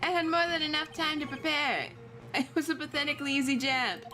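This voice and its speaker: A woman's voice: high voice, fairly quick, bright, forceful tone, soft background music. A woman reading the lines of a gloating male masked thief on trial in a courtroom game, in her own voice. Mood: smug. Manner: gloating, self-satisfied.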